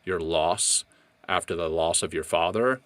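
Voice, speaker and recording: A man's voice: deep voice, unhurried. A middle-aged man co-hosting a podcast, talking earnestly and passionately, often restarting his sentences. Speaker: podcast co-host. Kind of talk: casual podcast discussion.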